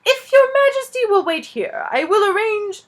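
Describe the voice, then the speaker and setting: A woman's voice: a little high, big pitch swings, normal speed. A woman voicing a fussy, pompous male elf courtier who speaks formally.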